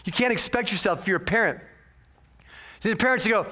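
A male senior pastor preaching a sermon in church, animated, swinging between quiet asides and loud exclamations and acting out his congregation's voices. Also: sits high, fairly quick, long pauses. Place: church sanctuary.

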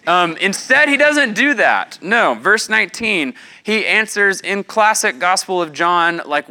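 A young male pastor from the Southeastern US delivers a conversational sermon in a very bright, ringing voice that sits a little high. He stays animated throughout, slipping into quoted voices to act out the scene. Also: measured pace, few pauses.

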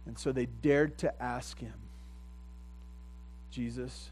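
A pastor preaching a sermon in a plain, conversational way, a man at a medium pitch. He often repeats his phrases and grows louder at the points he stresses. A low mains hum runs under the recording. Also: steady tone, takes it slowly, low-quality recording.

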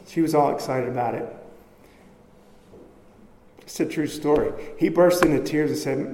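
A man preaches earnestly, his voice a bit high but mellow and soft-edged. He repeats words as he goes, speaking from a church where the sound rings through a large, echoing hall. A faint ambient hum sits beneath him. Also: normal speed, pauses often. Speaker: pastor. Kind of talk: sermon. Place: church sanctuary.

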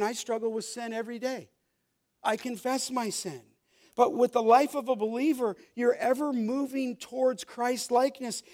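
A male pastor preaching a sermon, reading scripture slowly and pausing to ask the congregation to finish the verses. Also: very high voice, darkish tone. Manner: emphatic preaching, reads scripture slowly, asks the congregation rhetorical questions.

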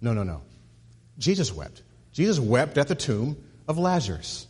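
A male pastor preaching a sermon, repeating words as he builds to a point and dropping low and soft on key phrases. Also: big pitch swings, normal speed. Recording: husky voice with long hall reverb.

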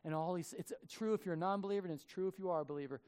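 A man preaching a sermon as a pastor, telling stories with lively acted-out quotes. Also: high voice, rapid-fire, clean tone. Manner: animated storytelling with acted quotes.

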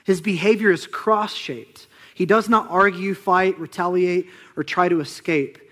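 A young man preaching with lively, conversational energy, his voice sitting a little high. He acts out the people in the passage and sinks to near-whispers for weighty points. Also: a little slow. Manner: animated, conversational preaching with dramatic drops to a hush. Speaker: pastor. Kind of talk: sermon.

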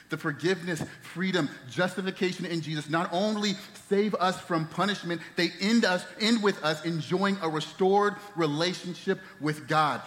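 A man in his thirties preaching a sermon as a pastor, telling stories and dropping to soft, hushed tones at tender moments. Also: on the high side. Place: church sanctuary. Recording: long reverb of a church hall.

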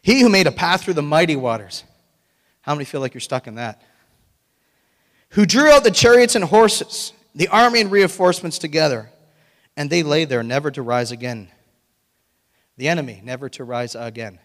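Energetic pastor preaching in a reverberant hall. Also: male voice, on the high side, normal speed, pauses often. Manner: animated, breaks into excited shouting and laughter. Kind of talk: sermon. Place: church sanctuary.

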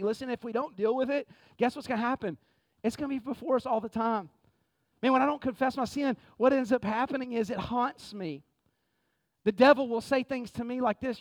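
A man preaching a sermon in a conversational, energetic way, often saying "man". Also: very high-pitched, a little fast, no room sound. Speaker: pastor. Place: church sanctuary.

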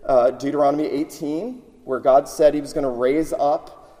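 A man's voice: a little high, fairly even intonation, normal speed, dark tone. Man preaching in a reverberant hall. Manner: emphatic, repeats words while building points. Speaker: pastor. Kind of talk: sermon.

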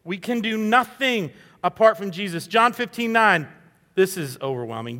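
A man's voice: high voice, lively intonation, normal speed, pushed and bright, big-room sound. A man preaching a sermon in an earnest, conversational way, acting out little quoted voices as he goes. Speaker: pastor.

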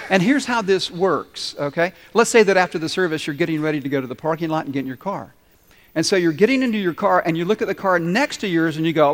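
A male pastor preaching a sermon to his congregation in an animated, playful way, acting out little asides. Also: high-pitched, fast. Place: large church hall. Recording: reverberant church hall. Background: congregation responding.

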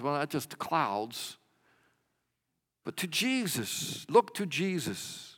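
A man delivering a sermon at an unhurried, deliberate pace, his voice in the middle range. He swells to emphatic peaks and lets line endings fall away. The sound carries a long reverb, as in a large hall. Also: mid-range voice, expressive, fairly bright tone. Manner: measured preaching with emphatic swells and dropped endings. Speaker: pastor.

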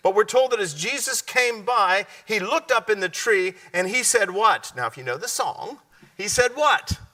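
A man's voice: sits high, animated. Guy preaching to a congregation, quizzes the crowd then answers himself, sounds a bit far off the mic. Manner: asks the audience questions and answers them; drops to a hushed, slow delivery at key points. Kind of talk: sermon.

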